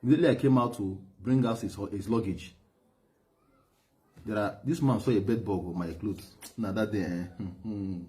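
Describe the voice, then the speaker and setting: A middle-aged Nigerian man with a Nigerian accent speaks in a lowish, dark voice at normal speed. He gives a personal testimony as a former driver and aide, emphatic and repetitive, laughing heavily and stammering as he goes.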